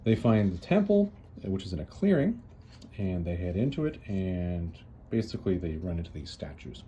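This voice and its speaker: Mellow low-voiced man, casual chat. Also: highs cut off, slight background noise. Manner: loose and chatty, with frequent "uh"s and restarts. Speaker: comics reviewer, host. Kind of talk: casual retelling of a story.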